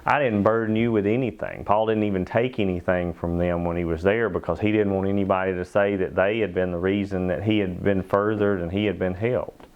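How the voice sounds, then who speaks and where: A man preaching a sermon as pastor in a church, emphatic, slowing down to stress key phrases. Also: low voice, fairly even intonation, highs cut off. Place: church sanctuary.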